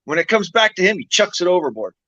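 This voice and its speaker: Man, bright lively voice, dry dull lo-fi audio, long crude jokes. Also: high-pitched, dry recording. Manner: drawn-out storytelling, loud laughs. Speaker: panel participant. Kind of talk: casual joke telling.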